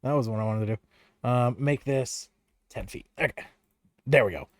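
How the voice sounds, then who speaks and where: A game master narrating a tabletop game in a playful, lively way, likely recorded at home over an online voice call. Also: mid-range voice, moderate pace, no echo, clean studio sound.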